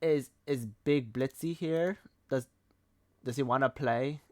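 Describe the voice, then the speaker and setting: A man's voice: mid-range voice, takes it slowly, no echo. A young man streaming live, chatting casually and telling rambling stories packed with fillers and swearing. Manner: rambling, filler-heavy storytelling with frequent swearing.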